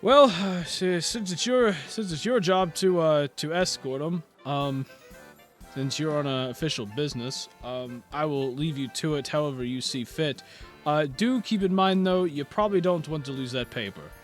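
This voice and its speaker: A man's voice: fairly high pitch, normal speed, soft background music, voice pushed up, close to an everyday voice. A man doing a stiff, formal city guard.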